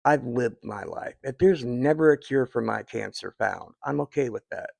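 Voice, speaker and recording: A man's voice: mid-range voice, normal speed, gravelly, darkish tone, no room sound. A man in his fifties talking to his viewers in a rambling, heartfelt way, with many fillers and restarts. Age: 50s. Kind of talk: casual personal talk to viewers.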